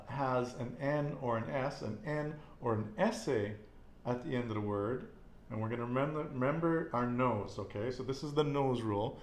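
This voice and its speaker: A man's voice: mid-range voice, reverberant, a little hiss or hum. A man teaching a casual Spanish lesson, patiently repeating words and quizzing his student.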